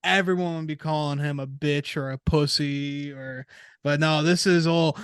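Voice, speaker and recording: A man's voice: on the high side, normal speed, clear, resonant tone, no echo, clean studio sound. A man co-hosting a racing podcast, talking casually, swearing and laughing as he goes. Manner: relaxed, swearing, laughing often. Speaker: podcast co-host.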